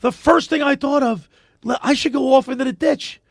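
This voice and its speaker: A man hosting a sports radio show, telling a long story in a lively, animated way. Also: very high-pitched, normal speed, gravelly, a little hiss or hum. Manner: animated storyteller, laughs at his own tales. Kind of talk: casual radio chat and storytelling.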